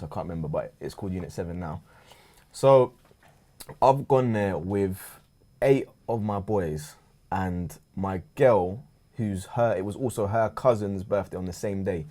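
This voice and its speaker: A man, a podcast co-host, telling a story in a relaxed, slangy way and chuckling now and then. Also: sits low. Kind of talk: casual storytelling chat.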